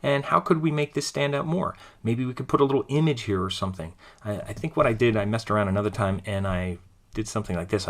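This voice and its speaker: Man, lowish voice, design teacher, screen-recorded tutorial, relaxed step-by-step explaining. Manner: relaxed, thinking aloud while clicking through steps.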